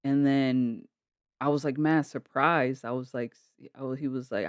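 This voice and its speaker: A woman's voice: extremely low pitch, steady tone, normal speed, no echo, studio quality. A woman vlogger telling a story casually and bluntly, swearing freely while retelling arguments. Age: adult with kids. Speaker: vlogger reacting to a video.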